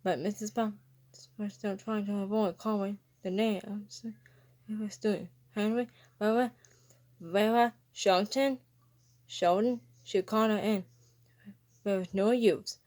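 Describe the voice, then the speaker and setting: A woman narrating a homemade fan story. Her reading is halting, with frequent slips and restarts over the words. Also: medium pitch, little pitch movement, a little mellow. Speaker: reader. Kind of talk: fan fiction read-aloud.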